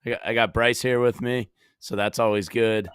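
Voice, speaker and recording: A man's voice: medium pitch, fairly even intonation, normal speed, fairly bright tone, smooth, no echo, clean studio sound. A man co-hosting a casual sports show, goofy and playful, hyping things up.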